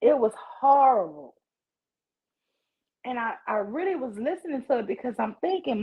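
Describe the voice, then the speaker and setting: Speaking high with lively intonation at a moderate pace, a forties-aged woman joins a candid livestream by video call, recounting her story in an outraged, emphatic way. The audio comes through muffled and lo-fi.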